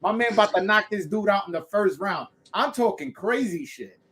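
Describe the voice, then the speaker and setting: A man's voice: high voice, animated, moderate pace, slight background noise. A man hosting a casual boxing chat, brash and profane as he tells stories. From Brooklyn, New York. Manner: brash, loud, profane storytelling. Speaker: podcast host.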